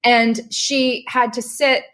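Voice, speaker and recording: A middle-aged woman telling a heartfelt personal story as a podcast guest, animated and stumbling over her words as she grows emotional. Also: fairly high pitch, slow. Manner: animated, restarts when moved.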